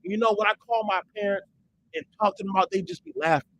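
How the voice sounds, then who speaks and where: A man hosting a heated, profane commentary rant who repeats himself for emphasis and breaks into shouts when worked up. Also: high-pitched, fast talker, slight background noise, rough recording. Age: adult parent. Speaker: host.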